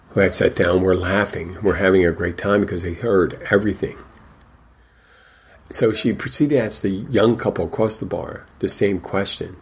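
A man's voice: lowish voice, husky. A man who works as a bartender, telling a rambling story about customers, with many restarts and quoted exchanges. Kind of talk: casual storytelling.

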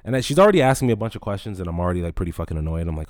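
Deep-voiced profane storytelling man. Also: rapid-fire, hardly any pauses, no room sound, studio quality. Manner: profane, rambling, animated. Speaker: podcast host. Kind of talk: casual storytelling.

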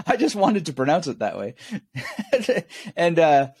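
A man's voice: on the high side, big pitch swings, slow, a little mellow, slightly rough, dry recording, clean studio sound. A man guest on a podcast, explaining memory techniques and telling stories with a wry, self-amused manner. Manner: storytelling, wry, laughs at himself. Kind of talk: explanatory interview talk.

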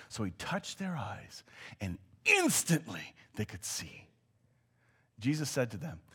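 A man preaching a sermon, moving between hushed asides and loud, acted-out shouts. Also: a little high, wildly swooping pitch, a little slow, long pauses, slightly rough.

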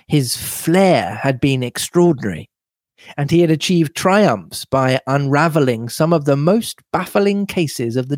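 A man reading a classic mystery novel aloud with measured, expressive narration. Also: medium pitch, no room sound. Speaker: reader.

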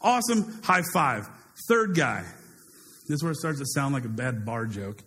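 A man preaching a sermon in a casual, animated way, paraphrasing a story and acting out its characters. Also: mid-range voice, normal speed, long reverb tail.

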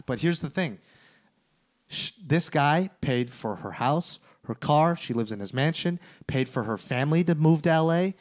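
A man hosting a podcast, telling a story in casual chat, animated and profane, acting out the lines of the people in it. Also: on the high side, normal speed. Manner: animated, profane, acts out quoted dialogue. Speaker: podcast host.

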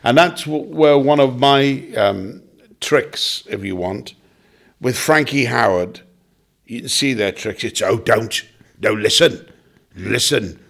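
Older comedian reminiscing with comic flair. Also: male voice, medium pitch, vocal fry. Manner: anecdotal, slips into quick comic impressions. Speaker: veteran comedian guest. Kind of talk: reminiscing casual chat.

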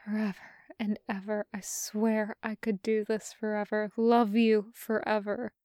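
A tense young man murmurs low and quiet, as a woman reads him. The delivery is slow and smooth, and the sound is dry and close. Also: little pitch movement, dry recording, close to an everyday voice. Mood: hushed, anxious.

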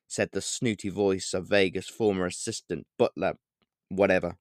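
A man reading his own novel aloud as an audiobook, narrating in the first person at a measured pace and with explanatory asides. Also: low voice, fairly even intonation, no echo, studio quality. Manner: measured, explanatory storytelling with digressions.

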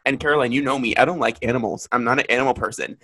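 Bright-toned young man, rambling casually. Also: mid-range voice, fairly even intonation, racing. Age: young adult. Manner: easygoing, rambling with many fillers. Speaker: podcast co-host. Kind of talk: casual podcast chat.

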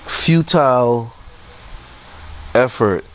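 A man's voice: medium pitch, very slow, fairly bright tone, poor audio. A man telling a frustrating story in a heated, profane, repetitive rant on his podcast. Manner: heated, profane, repeats himself a lot. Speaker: podcast host.

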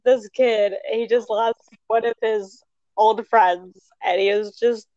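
A young woman talks through a movie plot in a loose, rambling way, full of fillers and asides. Her voice sits at a middle pitch. The sound is dry and a little dull, as if recorded close in a small space. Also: slow pace, no room sound. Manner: rambling, expressive retelling with many fillers. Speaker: movie recap talker. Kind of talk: casual chat.

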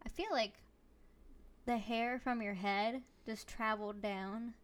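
A woman's voice: fairly high pitch, fairly even intonation, takes it slowly. A woman hosting a podcast, chatting casually with a playful, teasing, giggly manner. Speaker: podcast host. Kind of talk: casual chat.

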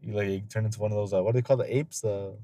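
A man's voice: lowish voice, steady tone, racing, warm tone, dry recording. Profane, laid-back man hosting a podcast. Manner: loose, profane storytelling; laughs often. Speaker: podcast host. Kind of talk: casual podcast chat.

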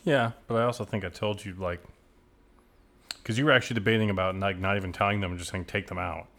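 A man's voice: deep voice, steady tone, fast, creaky, fairly bright tone. A man joining his partner's story in casual chat, speaking firmly and reassuringly. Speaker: partner of the host.

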